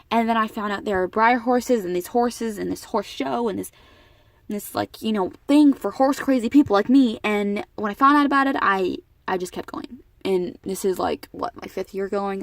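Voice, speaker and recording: Speaking at medium pitch and normal speed, this teen girl has a creaky voice, captured in a dry recording. She's casually vlogging a personal story to her camera, emotional and rambling, restarting frequently.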